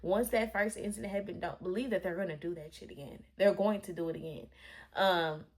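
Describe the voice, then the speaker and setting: A woman's voice: lowish voice, steady tone, fairly quick, darkish tone. Candid young woman telling a story. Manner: candid, emphatic, profane, addresses viewers as y'all. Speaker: storytime vlogger. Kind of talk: casual storytelling to camera. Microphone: camera facing the speaker.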